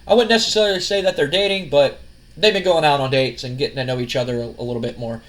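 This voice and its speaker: A man's voice: a little high, fast, fairly bright tone. A man giving casual, rambling let's-play commentary as a gaming channel host. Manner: rambling, full of fillers and restarts.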